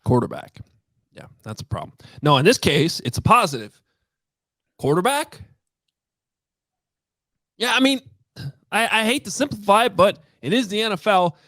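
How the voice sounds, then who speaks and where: A man's voice: sits high, animated, a little fast, pushed and bright, no room sound, studio quality. A man co-hosting a sports podcast in casual, chatty talk, often restarting his sentences. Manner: chatty, many restarts and fillers. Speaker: podcast co-host.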